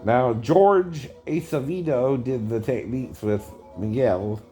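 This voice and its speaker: A man's voice: medium pitch, slow pace, mellow, soft background music. A man in his fifties giving rambling commentary on a video, chuckling often and tagging his sentences with "right?".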